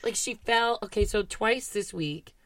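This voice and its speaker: A woman's voice: medium pitch, a little slow, fairly bright tone, no room sound, poor audio. A woman in her thirties, a podcast co-host, chatting casually and telling a story with acted-out quotes. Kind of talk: casual chat.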